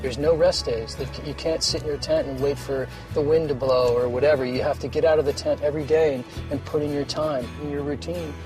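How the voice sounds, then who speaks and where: A man guiding and coaching a rider outdoors on a beach, talking in a relaxed, encouraging way with small restarts. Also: on the high side, brisk, few pauses, music in the background. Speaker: polar expedition guide. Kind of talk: casual coaching on location.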